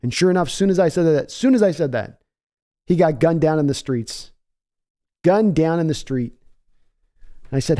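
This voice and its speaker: A man's voice: a little high, expressive, moderate pace, pauses often, mellow. A man hosting a live sports reaction stream, reading out donations and chatting casually with his viewers. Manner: reads donations aloud, chatty and hyped.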